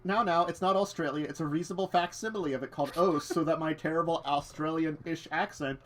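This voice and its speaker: Running a tabletop game stream as game master, this man talks fast in a fairly high, slightly bright voice. He's chatty, self-deprecating and quick to laugh at his own technical troubles.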